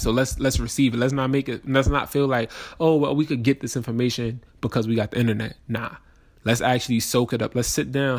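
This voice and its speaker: A young man hosting a casual solo podcast, talking in a rambling, slangy way and sounding tired. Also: mid-range voice. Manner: rambling and slangy, with many restarts and shout-outs. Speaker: podcast host.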